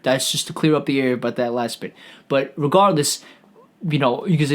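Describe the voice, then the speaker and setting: A man's voice: medium pitch, a little fast. A man hosting a comedy podcast, delivering a sarcastic, profane rant that rambles along with frequent stammered restarts.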